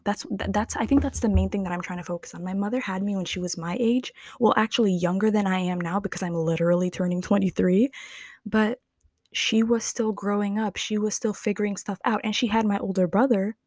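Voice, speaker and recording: A young woman in her twenties hosts her own podcast, talking in a candid, slangy, unhurried way and leaning hard on certain words. Her voice sits in a middle pitch range. The sound is close and dry, with no room around it. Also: steady tone, a little mellow, no room sound. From Somali family. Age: 20s. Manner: candid, chatty, slangy, drawn-out emphasis. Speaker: podcast host. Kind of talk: casual personal monologue.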